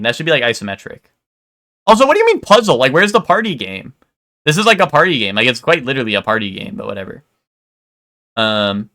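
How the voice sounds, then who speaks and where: A man's voice: medium pitch, sharp tone. A man live-streaming, chatting casually with his viewers in a rambling way, full of "like" and "um" and casual swearing.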